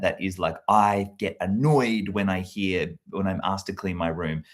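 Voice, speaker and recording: Deep-voiced man musing aloud. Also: unhurried, hardly any pauses. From Australia. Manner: rambling and reflective, with many fillers and restarts. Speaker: comedy content creator. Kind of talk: casual talk to camera.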